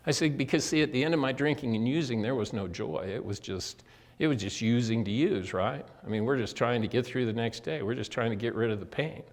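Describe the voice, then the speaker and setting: A man's voice: medium pitch, a little fast. An older man giving a motivational talk as guest speaker, telling folksy stories, acting out quoted dialogue and addressing his listeners directly. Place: prison meeting room.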